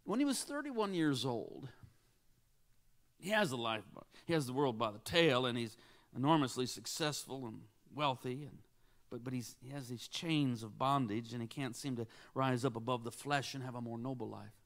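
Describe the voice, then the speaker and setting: A man's voice: mid-range voice, lively intonation, moderate pace. A man in his sixties preaching a sermon as a guest speaker. He tells a story dramatically, dropping to near whispers and then rising for emphasis.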